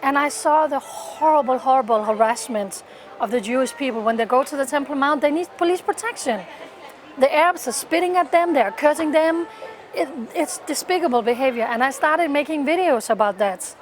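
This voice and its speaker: A woman's voice: high-pitched, a little fast, some chatter behind. A woman from Denmark gives an earnest, fervent personal testimony in an interview, often restarting and repeating words. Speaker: interviewee, pro-Israel activist.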